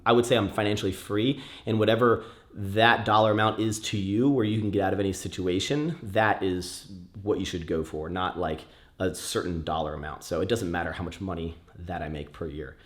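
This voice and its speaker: A man's voice: deep voice, fairly bright tone. A young man answering viewer questions in a casual chat, rambling with many fillers and restarts.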